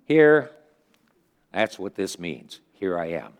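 A man giving a conversational sermon, retelling stories earnestly with pauses as he thinks. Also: deep voice. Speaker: preacher.

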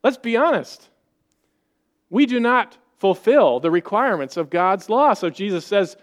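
Male pastor, high voice, earnest conversational sermon delivery, rhetorical questions to the congregation. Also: lively intonation, unhurried.

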